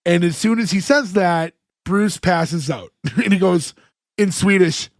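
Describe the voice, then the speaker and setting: Podcast host, male, high voice, dry close sound, lively recap style. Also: measured pace, no echo. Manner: animated plot recapping with acted quotes. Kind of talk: casual chat.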